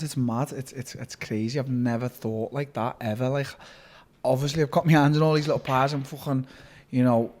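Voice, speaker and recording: A fighter sits as a guest in a casual interview, telling stories in a rapid, animated way. His voice is medium-pitched, and he swears a lot and restarts often.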